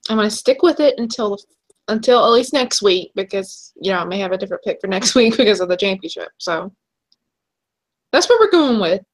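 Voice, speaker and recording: A young woman co-hosting a casual chat show, chatty and quick to laugh. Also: medium pitch, animated. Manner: chatty, laughs easily, trails off and restarts. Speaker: podcast co-host.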